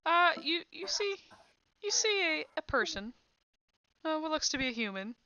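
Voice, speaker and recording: A woman's voice: high-pitched, very animated, normal speed, pushed and bright, no echo, lo-fi sound. A woman acting as game master, narrating a tabletop game in a playful, amused way.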